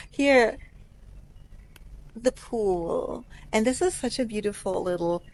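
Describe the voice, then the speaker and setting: A woman's voice: on the high side, animated, takes it slowly, a little mellow. A woman business coach hosting a casual live stream outdoors by a pool, effusively greeting viewers by name and swearing freely.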